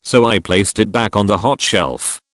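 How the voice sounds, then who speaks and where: A man's synthetic voice reading online stories aloud as a steady scripted narration. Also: lowish voice, measured pace, no echo, studio quality.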